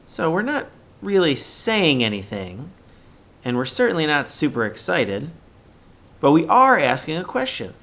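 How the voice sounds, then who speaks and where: A man teaching young children in a recorded remote lesson, speaking slowly and deliberately and reading example sentences with exaggerated expression. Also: a little high, huge pitch swings, vocal fry, fairly bright tone.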